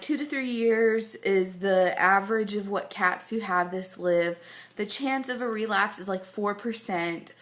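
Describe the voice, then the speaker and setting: A woman's voice: medium pitch, fairly bright tone. A pregnant woman giving a rambling, casual update to camera, full of fillers and close to tears at times. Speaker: vlogger.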